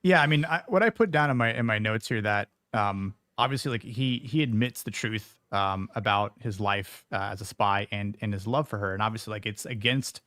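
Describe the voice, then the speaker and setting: Halting male podcast host, dry close sound. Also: lowish voice, fairly bright tone, no room sound. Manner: hesitant, many fillers and restarts. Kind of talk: casual discussion.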